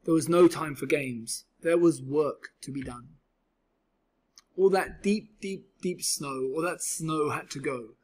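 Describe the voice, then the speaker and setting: A man reading a children's picture book aloud, riding the rhyme with an expressive, rhythmic delivery. His voice sits a little high and carries a husky, breathy grain. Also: takes it slowly. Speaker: storyteller.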